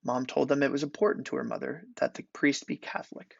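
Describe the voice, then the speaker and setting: Gravelly young man reading his prose. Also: mid-range voice, lively intonation, no room sound. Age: young adult. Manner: measured, deliberate reading. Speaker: student reading his thesis. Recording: dull lo-fi recording.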